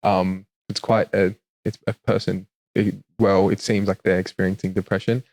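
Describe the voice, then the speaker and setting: A man's voice: sits low, little pitch movement, moderate pace, a little mellow. A man hosting a faith podcast, chatting hesitantly with many "um"s and reading scripture aloud. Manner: hesitant, lots of "um"s, laughs easily. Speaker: podcast host.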